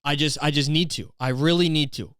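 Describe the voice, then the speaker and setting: A young man hosting a comedy podcast, ranting in a profane, animated, self-mocking way. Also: on the high side, fairly quick, clean tone, dry recording, studio quality. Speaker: podcast host.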